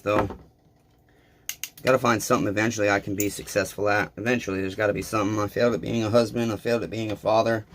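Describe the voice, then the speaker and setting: A man's voice: lowish voice, a little hiss or hum. A man talking casually to his viewers while he repairs a chainsaw, blunt and self-deprecating, with rambling asides. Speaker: small engine repair vlogger.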